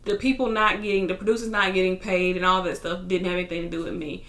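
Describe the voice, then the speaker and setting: A woman's voice: on the low side, flat delivery, fast, fairly bright tone, roomy sound. A woman casually recapping a reality TV episode, chatty and retelling scenes in paraphrased quotes.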